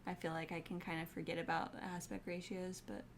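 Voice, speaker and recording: A woman's voice: on the low side, flat delivery. A woman co-hosting a casual movie review chat, agreeable and chatty. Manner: agreeable, chatty, quick to laugh along. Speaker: podcast co-host.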